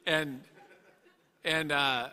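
Earnest male storyteller with a bright, slightly high voice, recorded in an echoey hall. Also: fairly even intonation, very slow, clear, resonant tone. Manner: earnest, emotional storytelling with many restarts. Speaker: guest speaker. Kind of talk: personal testimony.

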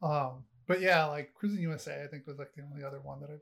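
A middle-aged man chatting on a podcast, his voice sitting a bit high. He rambles along, stacking fillers as he goes. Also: steady tone, fast, creaky, fairly bright tone. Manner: rambling, heavy on fillers, laughs often. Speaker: podcast co-host. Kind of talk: casual chat.

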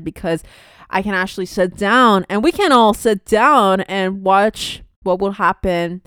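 A woman's voice: mid-range voice, fairly bright tone, smooth, no echo, studio quality. A young woman hosting a podcast, chatting casually and rambling with frequent fillers and laughs. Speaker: podcast host. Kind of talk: casual chat.

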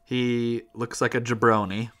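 A man's voice: mid-range voice, flat delivery, measured pace, a bit bright. A young man chatting casually as a podcast co-host, joking and laughing as he tells a story. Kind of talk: casual chat.

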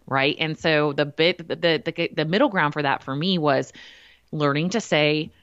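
Blunt, animated woman on a dull line. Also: low-pitched, normal speed, smooth, dry recording. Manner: animated, blunt storytelling with quoted asides. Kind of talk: casual chat. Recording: dull lo-fi dry sound.

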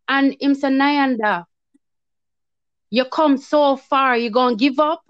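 High-voiced woman telling her story. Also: takes it slowly, long pauses, no room sound. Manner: animated storyteller, acts out her own past words. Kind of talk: emotional testimony in casual chat. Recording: dull, lo-fi sound.

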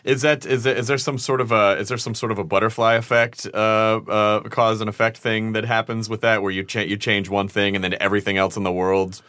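A man's voice: on the low side, little pitch movement, a little fast, few pauses, fairly bright tone, dry recording. A man hosting a podcast, chatting eagerly and stumbling through fillers as he finds his words. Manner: enthusiastic, hesitant, many fillers. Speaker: podcast host. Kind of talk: casual chat.

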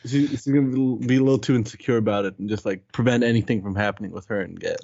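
A man's voice: mid-range voice, quick pace, creaky, a little mellow, slightly rough, dry recording. A young man co-hosting a podcast, telling funny moments with a chuckle and lots of slang. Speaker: podcast co-host. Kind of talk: casual chat. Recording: dull lo-fi dry recording.

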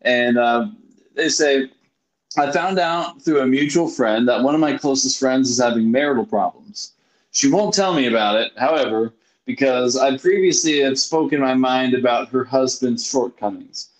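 A man hosting a talk show in a relaxed, casual way. He laughs often and hesitates while he talks. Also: mid-range voice, moderate pace, roomy sound, poor audio. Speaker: radio host. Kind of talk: casual chat.

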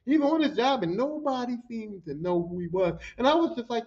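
A man hosting a podcast, telling animated, profane stories about his job as a pile driver. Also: very high-pitched, fairly quick, few pauses. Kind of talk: casual storytelling. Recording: dull lo-fi recording.

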